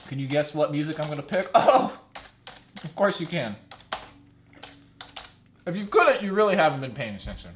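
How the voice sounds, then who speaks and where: A young man streams from his desk, chatting and rambling with frequent laughs. His slightly high voice swings up and down a lot, with faint room noise behind him. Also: big pitch swings, moderate pace, pauses often, a bit bright. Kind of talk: casual live-stream chat.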